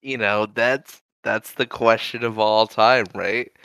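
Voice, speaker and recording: A man's voice: on the low side, fairly even intonation, slow pace, sharp tone, clean tone, dry recording. A man co-hosting a casual podcast chat, amused and laughing, often restarting his sentences. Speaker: podcast co-host.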